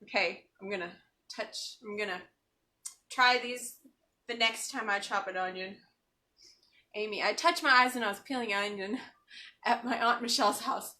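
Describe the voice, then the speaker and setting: A woman's voice: mid-range voice, normal speed, pauses often, pushed and bright, far from the mic. A woman hosting a casual live cooking stream from her home kitchen, joking and chatting as she works with teary eyes. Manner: chatty and joking, reads viewer comments aloud. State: teary from chopping onions. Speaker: cooking show host. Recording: echoey kitchen, off-mic.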